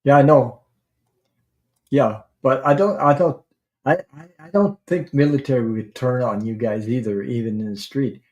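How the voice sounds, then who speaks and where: A man hosting a tarot livestream, chatting casually and rambling, with halting restarts while he greets viewers. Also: medium pitch, darkish tone. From Canada.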